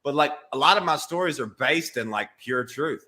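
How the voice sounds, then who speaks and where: A man from Alabama with a thick Southern accent, a comedian telling deadpan, self-mocking stories as a guest in a casual interview. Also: medium pitch, moderate pace.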